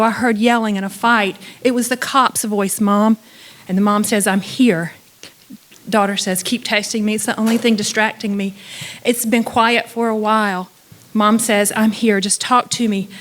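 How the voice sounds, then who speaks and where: Earnest woman giving public comment. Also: a little high. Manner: earnest, reading texts aloud with urgency. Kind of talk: public comment at a school board meeting.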